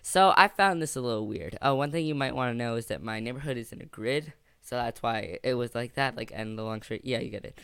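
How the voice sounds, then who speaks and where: A man's voice: mid-range voice, fairly quick, creaky, few pauses, a bit bright, clear, resonant tone, dry recording. A young man casually narrating a funny storytime, rambling and jokey with lots of filler words.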